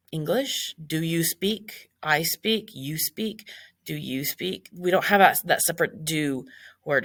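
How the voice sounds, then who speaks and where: Woman teacher, lowish voice, chatty walkthrough of notes, dry close recording. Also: a bit bright, no echo. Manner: casual, explains step by step with many fillers. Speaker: Spanish teacher.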